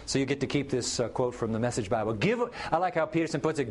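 A middle-aged pastor preaching a sermon, telling the story with animated delivery and acting out characters' lines. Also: male voice, mid-range voice, brisk, hardly any pauses, slight background noise.

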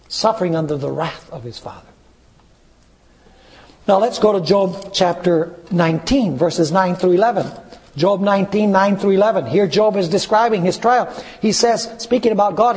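A man preaching a sermon, reading scripture aloud slowly and putting questions to his listeners. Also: sits high, a little mellow, big-room sound.

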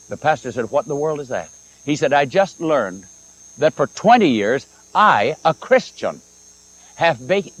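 Animated preacher man with lively pitch. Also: poor audio. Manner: animated storytelling, acts out quoted dialogue. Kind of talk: old-time sermon with told stories.

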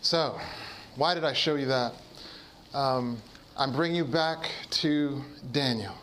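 A man's voice: medium pitch, slow pace, fairly bright tone, slight background noise. A man preaching a sermon, putting questions to the listeners and answering them himself. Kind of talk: sermon on addiction recovery.

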